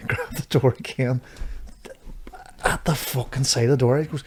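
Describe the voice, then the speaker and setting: A man's voice: mid-range voice, fairly even intonation, unhurried, slightly rough. A man with a Northern Irish accent, co-hosting a podcast and telling rambling, sweary anecdotes in casual chat. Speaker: podcast co-host.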